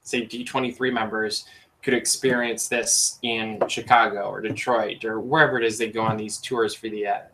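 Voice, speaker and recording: A man's voice: on the low side, little pitch movement, normal speed, bright, forceful tone, slight background noise, low-quality recording. A man hosting a casual podcast chat, enthusiastic and rambling with lots of fillers. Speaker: podcast host.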